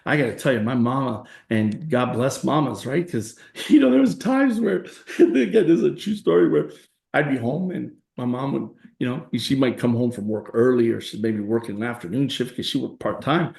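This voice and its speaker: A man's voice: medium pitch, a little fast, gravelly, a little mellow, roomy sound. A man in his forties, a guest in a conversational interview, telling stories emphatically and acting out the voices of people he quotes. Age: 40s.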